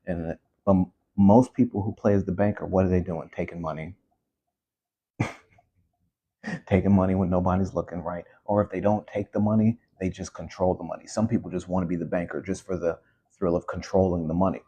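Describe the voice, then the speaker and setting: A man's voice: low-pitched, fairly even intonation, fairly quick, dark tone, highs cut off. A man hosting his own show, ranting in a casual commentary monologue with many restarts and asides. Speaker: podcast host.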